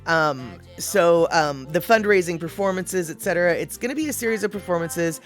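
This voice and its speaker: A woman's voice: fairly low pitch, expressive, moderate pace, soft background music. A woman livestreaming, rambling casually and greeting viewers in the chat.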